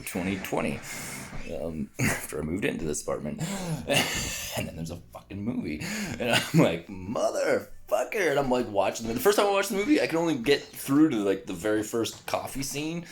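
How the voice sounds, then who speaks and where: Male vlogger, low register, swooping intonation, rambling and profane, laughs a lot, restarts sentences. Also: a little hiss or hum. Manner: rambling, laughs often between phrases, swears freely. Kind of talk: casual rambling monologue.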